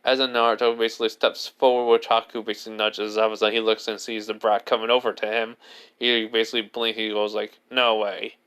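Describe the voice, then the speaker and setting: A man's voice: fairly low pitch, level tone, fast, fairly bright tone, clean tone. A man telling an improvised fan story, rambling and leaning heavily on filler words and restarts. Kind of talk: improvised fan fiction narration.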